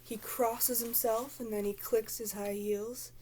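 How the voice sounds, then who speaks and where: A woman's voice: on the high side, fairly even intonation, unhurried, mellow, a little hiss or hum. A woman performing a dramatic spoken-word recitation, theatrical in delivery and dropping into whispers at times.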